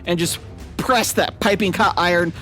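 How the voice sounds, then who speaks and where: A male podcast host with a fairly high voice lays out an absurd fight scenario in a playful, animated way. He often laughs at his own ideas. Faint music sits under his voice. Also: moderate pace. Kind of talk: playful comedic debate.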